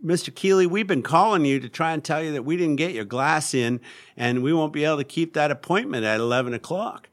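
A man's voice: on the high side, a little fast, voice pushed up, natural voice. A man putting on a Southern US accent, playing a drawling male shop clerk on the phone. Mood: folksy. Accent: Southern US, put on.

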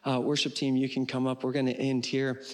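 A man pastor preaching a sermon in an earnest way, slowing down on key phrases and closing with a prayer. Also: medium pitch, completely flat delivery, darkish tone. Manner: earnest, slows for emphasis and ends with prayer.

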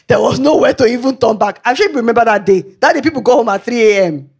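A woman's voice: a little high, animated, quick pace, few pauses, breathy edge. A woman with a Nigerian accent preaching a sermon, telling chatty anecdotes and laughing along the way. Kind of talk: storytelling sermon.

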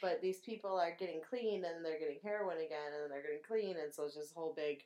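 A woman's voice: deep voice, quick pace, a little mellow. A young woman co-hosting a casual film chat, laughing often and filling with "like". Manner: laughs often, many fillers. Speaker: podcast co-host. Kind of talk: casual movie discussion.

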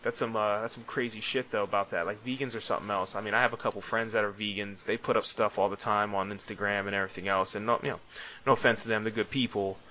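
A man's voice: fairly low pitch, steady tone, fast, sharp tone. A young man co-hosting a casual podcast chat, rambling and repeating himself as he talks. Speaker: podcast co-host. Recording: dull lo-fi sound with faint noise.

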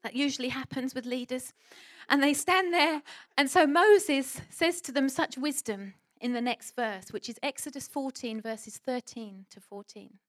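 A woman preaching a sermon and telling a lively personal story, acting out what people said. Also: high voice, unhurried, hardly any pauses, no room sound. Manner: animated storytelling, acts out quoted voices.

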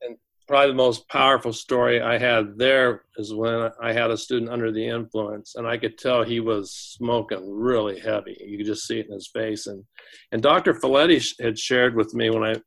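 Gravelly-voiced man telling a story. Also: mid-range voice, fairly even intonation, fairly bright tone. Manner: halting, repeats words, quotes students. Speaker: school administrator. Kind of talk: interview storytelling.

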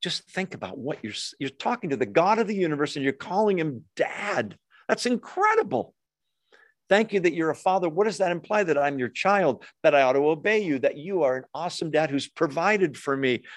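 A man's voice: on the high side, very animated, a little fast, no echo. Conversational male pastor, dry sound. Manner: informal, asks questions, acts out quoted prayers. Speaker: pastor teaching a Bible study. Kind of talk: conversational sermon teaching.

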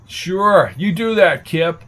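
A man's voice: high voice, lively intonation, slow pace, fairly bright tone, voice pushed up, full character voice. A man voicing a wry friend with dry, teasing remarks.

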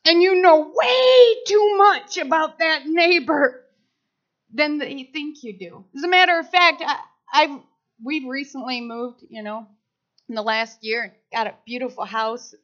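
Middle-aged woman preaching, high bright voice, animated storytelling, kinda dull lo-fi sound. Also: unhurried. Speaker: speaker at church service. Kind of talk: sermon with personal stories.

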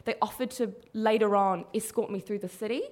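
A young woman tells a story in an animated, expressive way, often laughing as she goes. Her voice sits at a middling pitch for a woman. She talks casually and with plenty of energy. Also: brisk. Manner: animated, laughing through the telling. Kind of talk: live storytelling.

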